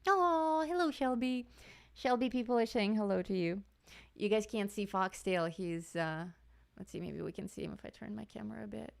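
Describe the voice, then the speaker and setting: A woman's voice: medium pitch, lively intonation, moderate pace, creaky. Chatty woman hosting a live stream. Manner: chatty, laughs often, greets chat viewers. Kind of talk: casual live-stream chat while coloring.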